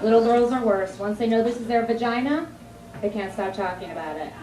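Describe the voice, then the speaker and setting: A woman's voice: a little high, a little fast. A young woman telling brash stories with punchlines in a stand-up comedy set on a club stage. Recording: roomy distant club recording. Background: audience laughter and room noise.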